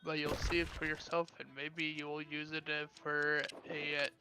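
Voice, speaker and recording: Man gamer, offhand, muttering, slightly high voice, background noise. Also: completely flat delivery, normal speed. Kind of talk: casual gameplay chat.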